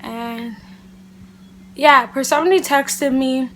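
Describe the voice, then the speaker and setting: High-voiced chatty woman telling a story. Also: very slow, a little hiss or hum. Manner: animated, chatty, heavy use of "like" and "literally". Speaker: beauty vlogger. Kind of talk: casual storytime chat to camera.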